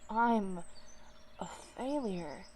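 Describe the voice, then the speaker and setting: A grieving clan-leader tom cat speaks in a strained, anguished voice, as a woman reads him. He talks slowly and carries the weight of loss. It suits a storybook scene of an animal in despair. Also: medium pitch, lively intonation, darkish tone, a little hiss or hum. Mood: distraught. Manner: anguished, tense. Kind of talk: storybook character voice.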